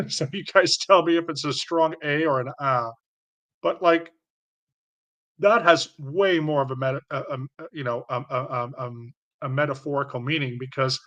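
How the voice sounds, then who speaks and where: Canadian male host, bright clear tone, loose live-stream lecture full of ums and restarts. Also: medium pitch. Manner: rambling and explanatory, with many fillers and restarts.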